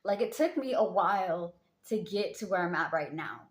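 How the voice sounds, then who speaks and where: A woman's voice: lowish voice, lively intonation, normal speed. A woman talking casually to her viewers as a tarot reader, rambling and chatty with lots of fillers. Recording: roomy echo.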